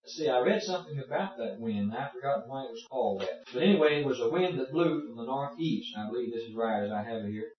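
A man's voice: mid-range voice, expressive, quick pace, few pauses. A man leads a Bible class in a folksy, explanatory way, stopping to ask his students questions. He sounds far from the microphone, and the room is very echoey. The recording is muffled. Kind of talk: informal Bible study lesson.

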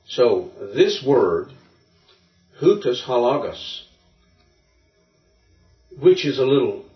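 A man teaching a Greek grammar lesson, explaining step by step in a relaxed way with many fillers and restarts. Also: medium pitch, slow, soft background music. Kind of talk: classroom lecture. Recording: distant, roomy, dull lo-fi recording.

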